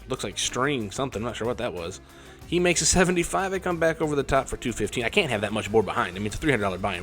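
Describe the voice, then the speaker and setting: A man's voice: mid-range voice, fairly bright tone. Wry rambling man calling poker hands. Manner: rambling, wry, self-deprecating. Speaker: poker vlogger. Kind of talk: casual poker hand commentary.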